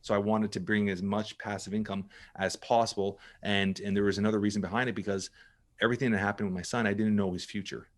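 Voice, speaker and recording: A man's voice: lowish voice, level tone, fast talker. A middle-aged man talking casually as a podcast guest, emphatic and full of restarts and repeated words. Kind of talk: casual interview talk.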